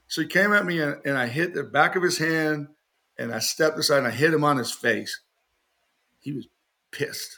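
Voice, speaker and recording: A man with a bright, forceful voice, chatting casually on a podcast. He tells long joking stories, laughs often, and lifts his voice to act out the people he quotes. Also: a little high, normal speed. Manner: acts out quoted people in raised voice. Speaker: knifemaker guest.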